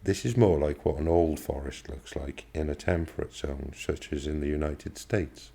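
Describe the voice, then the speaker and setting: A man reading as an enthusiastic middle-aged outdoorsman, talkative and earnest, his voice very deep and dark. He explains things with a lively eagerness in this storybook dialogue. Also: normal speed, vocal fry, breathy edge, exaggerated voice.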